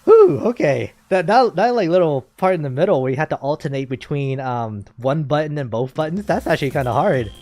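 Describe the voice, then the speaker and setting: A woman's voice: deep voice, lively intonation, fairly quick, few pauses, darkish tone. Chatty woman streaming a game. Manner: chatty, musing aloud with fillers. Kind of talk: let's play commentary.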